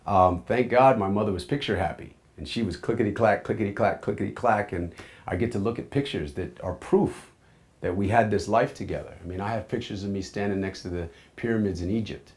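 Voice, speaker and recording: A man in his forties from the United States, telling his life story in a candid, reflective way, often dropping into soft, low asides. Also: a little fast.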